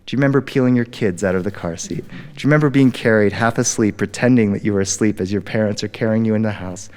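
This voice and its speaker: A man telling a family story live in a studio, animated and dramatic. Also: fairly low pitch, fast talker, long reverb tail. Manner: animated, dramatic, jumps into character voices. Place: recording studio.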